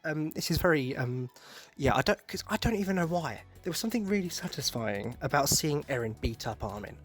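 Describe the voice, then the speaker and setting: A man's voice: fairly high pitch, animated, fairly quick, fairly bright tone, husky. A young man talking casually on his own podcast, rambling and breaking off into joking asides. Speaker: podcast host. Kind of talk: casual solo podcast talk.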